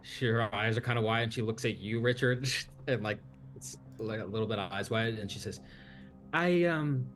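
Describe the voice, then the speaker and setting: A man narrating a tabletop game as game master in a casual, halting way. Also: on the low side, level tone, a bit bright, soft background music.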